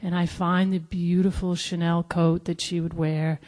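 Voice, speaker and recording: A woman telling a personal story live at a storytelling event, animated and acting out the dialogue. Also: lowish voice, moderate pace. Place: museum event hall. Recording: long hall reverb at live event.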